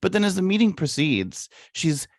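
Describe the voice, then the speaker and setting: Man, podcast co-host, expressive pitch, dry close sound. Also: moderate pace, no room sound. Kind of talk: casual chat.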